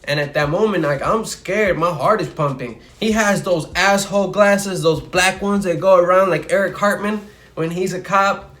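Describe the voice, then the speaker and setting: Speaking at a moderate pace in a high-pitched voice, a young man from Chicago recounts a story for his vlog. His delivery is casual and lively, with lots of fillers.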